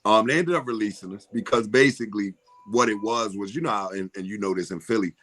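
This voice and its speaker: This middle-aged Philadelphia comedian speaks quickly in a lowish register. As the guest in a relaxed interview, he spins animated stories, performs different voices, and breaks into frequent laughter.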